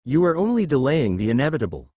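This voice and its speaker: A man voicing a cold, arrogant male android conqueror in a fan story reading, slow and proclaiming, with a lively pitch. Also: slightly rough, no echo.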